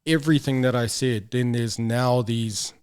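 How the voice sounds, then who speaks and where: A man's voice: medium pitch, normal speed, smooth. Blunt, profane man in a casual interview. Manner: blunt and profane, animated with quoted voices. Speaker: guest, former rugby player.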